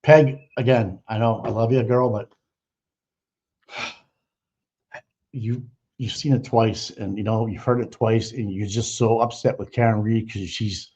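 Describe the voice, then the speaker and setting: A man's voice: lowish voice, fairly even intonation, a little slow, pauses often, a little mellow. A man hosting a livestream, giving mocking, profane running commentary on trial footage. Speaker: livestream host. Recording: muffled lo-fi audio.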